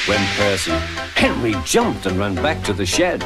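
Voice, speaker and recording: Man, children's storybook narrator, gentle, lively pitch, music behind. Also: unhurried. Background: background music.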